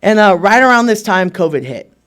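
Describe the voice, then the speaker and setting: A man's voice: high voice, big pitch swings, brisk, a bit bright, clear, resonant tone. A young adult man giving a personal testimony at a recovery meeting, speaking casually with many fillers and self-deprecating humor, and acting out remembered conversations. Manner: acts out remembered conversations with shifts in tone. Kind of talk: personal testimony told to a live audience.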